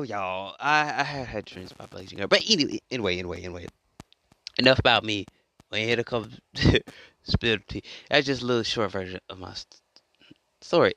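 A man's voice: mid-range voice, moderate pace, pushed and bright. A man telling a story in a casual monologue, rambling and repeating himself as he goes. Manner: rambling and repetitive, restarts a lot. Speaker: vlogger.

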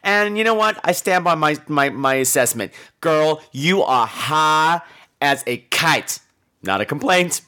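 A male podcast host with a campy, theatrical delivery and a very lively, swooping pitch. He answers listener voicemails with playful sass and mock outrage, dropping cheerful swear words. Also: a little slow.

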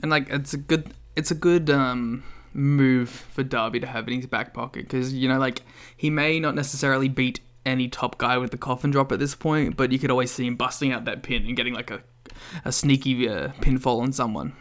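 A man's voice: mid-range voice, fairly even intonation, a little fast, fairly bright tone. A man co-hosting a casual wrestling podcast, dry and wry with joking asides. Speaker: podcast co-host.

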